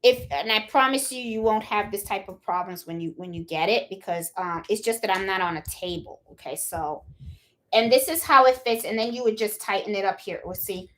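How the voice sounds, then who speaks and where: A woman's voice: medium pitch, a little fast, fairly bright tone. A woman with a Puerto Rican accent hosting a casual live crafting tutorial, chatty and often checking in with "okay?" while she handles her tools. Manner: chatty, repeats "okay?" and "hold on"; laughs at her own fumbles while working. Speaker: crafting channel host.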